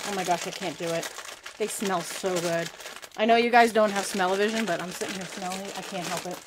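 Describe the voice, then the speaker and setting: A woman's voice: medium pitch, fast talker, noisy background. A woman hosts a live crafting lesson, talking as she works with her hands. She is chatty and self-deprecating, and she laughs often. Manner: talks while working with her hands. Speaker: crafting show host.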